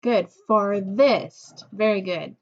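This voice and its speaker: A woman's voice: medium pitch, slow. A woman teaching a phonics lesson to second graders, patient and encouraging, drawing out words. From United States. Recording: dull lo-fi recording.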